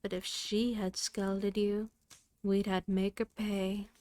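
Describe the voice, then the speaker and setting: A woman's voice: mid-range voice, little pitch movement, slow, darkish tone, no echo, close to an everyday voice. Storybook fairy folk with an Irish accent, put on by a woman reader, matter-of-fact and chiding, dry close sound.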